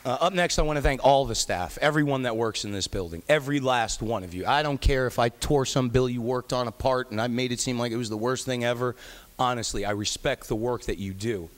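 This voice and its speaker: A man's voice: medium pitch, a little fast. A man, a state legislator, giving an affectionate farewell speech on the chamber floor, full of fillers and restarts.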